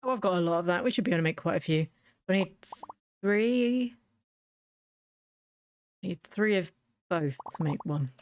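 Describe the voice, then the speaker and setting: A woman's voice: on the low side, lively intonation, normal speed, long pauses, a little hiss or hum. A woman giving casual, playful commentary while she plays a video game. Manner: chatty and playful. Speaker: game streamer.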